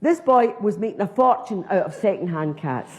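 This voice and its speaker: A woman's voice: medium pitch, normal speed, background noise. An older Scottish woman, a comedian telling a self-mocking story in a chatty stand-up style. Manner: conversational, self-mocking, lively.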